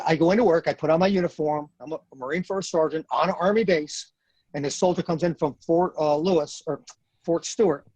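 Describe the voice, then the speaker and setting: Husky-voiced middle-aged man telling war stories. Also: fairly high pitch, a little mellow, no room sound, poor audio. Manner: earnest, blunt, repeats phrases for emphasis. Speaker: podcast guest, retired Marine sergeant major. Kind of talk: casual storytelling in a podcast interview.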